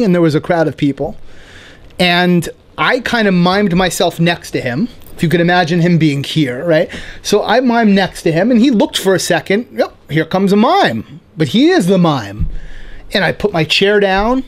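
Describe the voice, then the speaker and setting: A male podcast host with a higher-register voice tells a casual story as a playful comic. He's animated and throws in quick asides like "right?"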